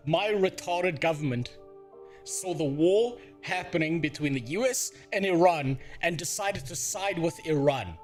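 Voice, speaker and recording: A man's voice: fairly high pitch, expressive, measured pace, faint music behind. A man from Africa, livestreaming and ranting in casual, profane, exasperated talk. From South Africa.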